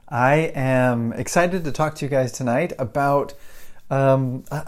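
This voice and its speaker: A man in middle age talks through a personal story on his own podcast. He is chatty and animated, and he slips into acting out his own past reactions as he goes. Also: medium pitch. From United States. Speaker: podcast host and English teacher. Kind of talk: casual storytelling monologue.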